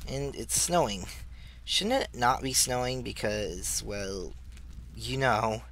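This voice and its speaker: A man giving let's play commentary in an unhurried, easygoing way, his pitch leaping about wildly as he talks to himself. He keeps breaking into high, excited squeals over small wins, with a faint hiss behind him. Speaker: gaming channel host.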